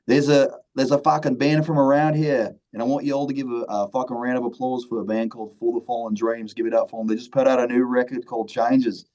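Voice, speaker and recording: A man putting on a deliberately bad Australian accent to voice a rowdy male band frontman who curses while hyping up a crowd. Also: mid-range voice, fairly even intonation, voice pushed up, natural voice, poor audio. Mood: hyped. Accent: mock Australian. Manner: shouting out a band to a crowd, cursing.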